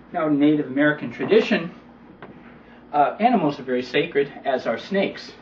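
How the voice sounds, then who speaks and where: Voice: mid-range voice, expressive, normal speed, slight background noise. A counselor telling a story with a moral in a conversational way. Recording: dull roomy recording from a distance.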